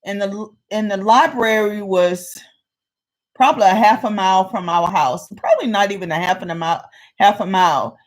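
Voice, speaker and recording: Woman vlogger telling a story, chatty and animated, does the voices. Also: mid-range voice, normal speed. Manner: animated, acts out the people in her story. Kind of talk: casual storytelling.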